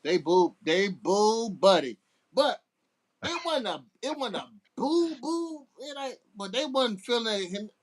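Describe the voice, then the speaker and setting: A middle-aged man tells laid-back stories from his years as a DJ. His delivery is unhurried and his pitch rises and falls a great deal. He restarts his sentences often as he talks. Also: sing-song, a little hiss or hum. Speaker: guest DJ. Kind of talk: casual storytelling.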